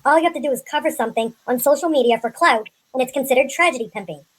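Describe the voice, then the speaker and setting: Woman panelist, high and quick, argumentative, casual. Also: noisy background. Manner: argumentative, questioning. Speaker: livestream panelist. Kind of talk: casual live panel chat.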